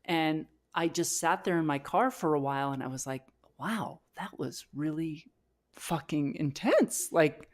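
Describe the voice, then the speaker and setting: Low-voiced woman sharing a raw story. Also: a little slow. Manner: candid, emotional retelling with frequent fillers and restarts. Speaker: podcast co-host. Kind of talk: personal storytelling.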